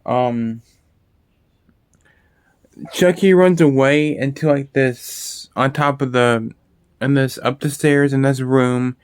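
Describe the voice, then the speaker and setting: A man's voice: mid-range voice, slow pace, long pauses, clean tone, no echo, clean studio sound. A man talking casually about horror movies, rambling and swearing freely, with frequent restarts and fillers. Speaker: video host.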